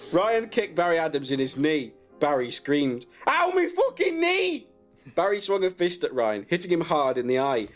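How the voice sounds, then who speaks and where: A man reading a crude comic story about himself in a deadpan way and breaking into laughs. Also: a little high, moderate pace, hardly any pauses, soft background music.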